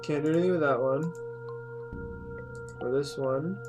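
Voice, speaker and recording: A man's voice: on the high side, unhurried, over music. A man giving casual commentary while playing a game, thinking aloud and poking fun at himself. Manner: self-deprecating, thinking aloud. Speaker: let's-play gamer.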